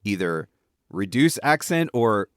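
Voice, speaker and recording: A man's voice: fairly low pitch, very animated, a little slow, dry recording, clean studio sound. A man hosting an interview podcast, thinking aloud as he asks his questions. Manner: conversational, thinks aloud while asking questions. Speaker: podcast host. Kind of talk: casual interview chat.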